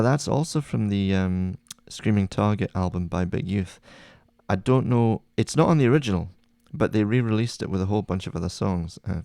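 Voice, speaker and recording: A man hosting a music playlist video, chatting casually through a track-by-track rundown with relaxed, enthusiastic asides. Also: fairly low pitch, creaky, dry recording.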